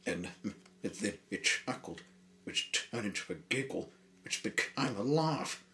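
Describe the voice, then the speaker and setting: A man reading a children's storybook aloud, with slow, drawn-out and playful emphasis. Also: lowish voice, expressive, sharp tone.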